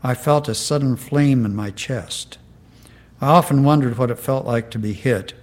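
An older man reading a letter aloud in an earnest, measured way, then telling a personal anecdote. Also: mid-range voice. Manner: slow, earnest, measured delivery. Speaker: storyteller.

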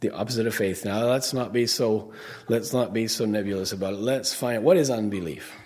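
A man's voice: lowish voice, a little fast, darkish tone. A middle-aged man preaching a sermon, emphatic, often asking the congregation questions and answering them. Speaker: pastor.

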